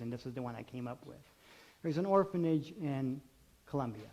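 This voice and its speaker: In a mid-range voice, a male pastor delivers a sermon of rhythmic, repeated phrases. He alternates between loud, emphatic calls and soft, intimate lines, drawing his congregation into call and response.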